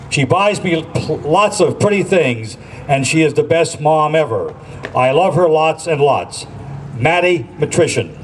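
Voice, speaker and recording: Lively man emceeing a school program. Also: a little high, a little hiss or hum. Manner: reads out entries and names in a brisk public-address way.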